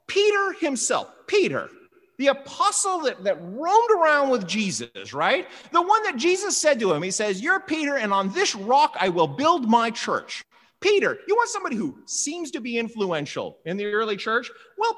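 A preacher reading scripture aloud and then explaining it in an emphatic, conversational way, often asking "right?". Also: mid-range voice. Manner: animated, emphatic, with frequent "right?" asides. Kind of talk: Bible reading and sermon commentary. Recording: long hall reverb.

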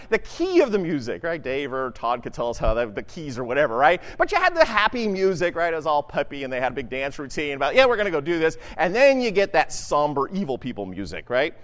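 A man's voice: on the high side, a bit bright, in a large hall. A man preaching a sermon in a casual, conversational way, often checking in with "right?". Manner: conversational, keeps asking "right?". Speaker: pastor.

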